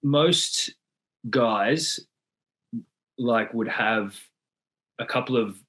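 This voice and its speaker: A man's voice: medium pitch, drawn-out words. Australian man explaining in easy chat. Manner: relaxed, explains with many fillers. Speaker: podcast guest. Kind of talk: casual chat.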